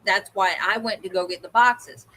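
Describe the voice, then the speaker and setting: A woman's voice: medium pitch, steady tone, moderate pace, sharp tone, slight background noise, low-quality recording. A woman co-hosting a livestream, telling a story in casual chat and acting out the people she quotes. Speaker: co-host of a livestream hangout.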